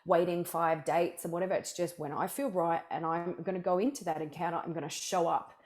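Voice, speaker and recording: Emphatic, energetic woman with a lowish voice. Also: fairly quick. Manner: energetic, emphatic storytelling with frequent restarts. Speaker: sexual wellness coach, interview guest. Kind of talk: candid interview talk.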